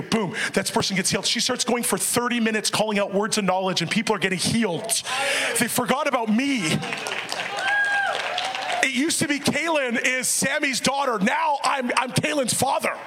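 A man's voice: very high voice, brisk. A middle-aged pastor preaching with energy, telling a story and voicing other people as he goes, with frequent laughter. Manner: animated, quotes others in raised voices, laughs often.

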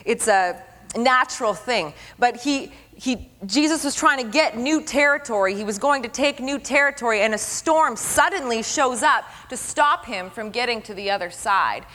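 Middle-aged woman, preacher, earnest sermon testimony, repeats phrases, hushed at tender moments, long hall reverb. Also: a little high, lively intonation, moderate pace.

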